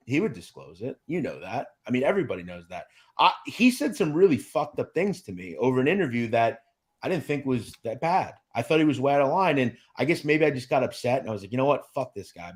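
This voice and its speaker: Man, casual online chat, frank talk, lively pitch swings, mid-range voice. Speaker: guest.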